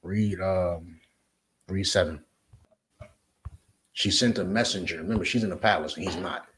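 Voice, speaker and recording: Low-voiced, emphatic preacher from New Jersey. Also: male voice, normal speed, rough recording. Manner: emphatic, profane, swings between loud and low. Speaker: teacher. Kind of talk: street preaching lesson.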